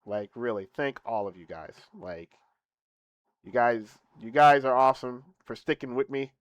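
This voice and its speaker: A young man streaming casually to his viewers, boasting playfully, laughing, then thanking them softly. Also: mid-range voice, moderate pace, dry recording.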